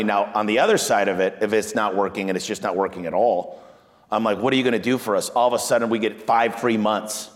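A man speaks fast in a large hall, a business owner animatedly telling stories about sales and marketing. He acts out what his clients say, quoting them in a higher-pitched voice.

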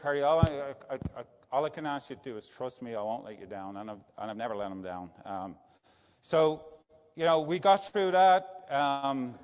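A middle-aged Irish man, a business executive, telling a story in a conversational way, often checking in with "right?". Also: a little high. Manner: anecdotal, tag questions like "right?". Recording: dull lo-fi sound with long reverb.

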